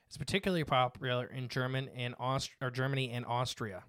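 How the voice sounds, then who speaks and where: Male podcast host, relaxed chatty delivery, reads from notes, dry close sound. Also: medium pitch, brisk, no echo. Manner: reads notes aloud with fillers and asides. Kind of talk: casual podcast chat.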